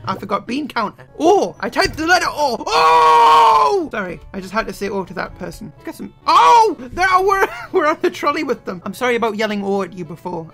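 A young man doing playful, self-mocking commentary on his own gameplay, often breaking into sudden yells. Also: sits high. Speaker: let's play gamer. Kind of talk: game commentary. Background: game music.

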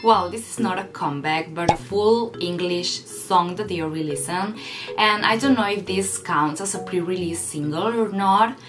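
A woman hosting a reaction vlog, gushing with enthusiasm and repeating herself as she chats casually to the camera. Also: on the low side. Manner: gushing, enthusiastic fan talk with lots of repetition. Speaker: reaction vlogger.

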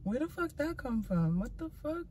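A woman hosting a casual prank vlog from a car, loud, giggly and excitable. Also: sits high, moderate pace. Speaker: vlogger host.

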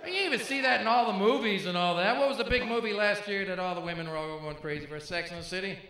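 A man's voice: high voice, sharp tone. Stand-up comic man in an echoey club. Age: 50s. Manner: punchy, teasing crowd work with quick jokes. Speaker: stand-up comedian. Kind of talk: stand-up comedy routine. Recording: live club, echoey with crowd noise. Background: audience laughter.

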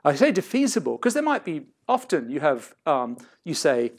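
A man's voice: fairly high pitch, very animated, brisk, few pauses, breathy edge. Discursive man giving an academic seminar. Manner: discursive, self-interrupting, hedged. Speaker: seminar lecturer.

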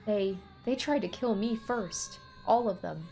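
Woman reading tormented man-beast for a game dub, anguished and halting, repeats himself, middle-pitched. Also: warm tone, soft background music, lightly acted. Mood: frantic. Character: tormented young man who calls himself a beast, desperate.

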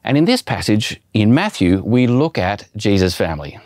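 A man preaches in a relaxed, conversational way, poking fun at himself as he tells stories. His voice sits fairly low, and the sound is dry and close. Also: moderate pace, no room sound. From Australia. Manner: chatty, self-deprecating storytelling. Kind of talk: sermon.

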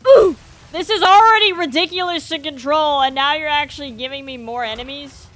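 A woman's voice: high-pitched, a little fast, raised voice, heavy background noise. A woman giving exasperated, exclaiming let's-play commentary, often calling out "bro". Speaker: gamer.

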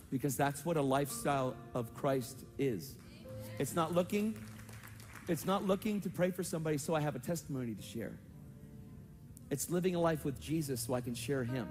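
A man preaching at a conference, telling testimonies in an animated storytelling manner and acting out other people's voices. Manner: animated storytelling, acts out voices with big pitch jumps. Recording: hall reverb with faint music.

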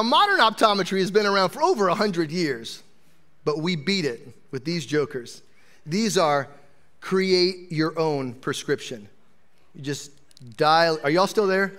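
A man's voice: high voice, sharp tone. A man who is an associate pastor, preaching a sermon in a chatty, joking way to a live congregation.

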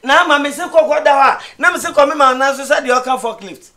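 An actor with a Ghanaian accent playing a father in a comedy series, swinging from loud scolding to low muttering. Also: fast, full character voice. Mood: agitated.

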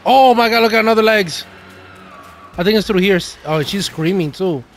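A man hosting a gaming channel, giving casual, excitable gameplay commentary full of swearing and laughter. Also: high voice, moderate pace, faint music behind.

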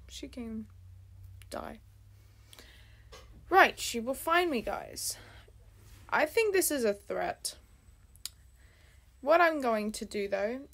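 A woman YouTuber in a storytime vlog, reacting dramatically with exclamations and sudden whispers. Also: high voice.

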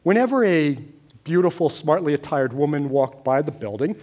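A middle-aged American man telling a personal story on stage, wry and deadpan, growing animated at times. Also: on the high side, moderate pace. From United States. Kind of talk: storytelling talk.

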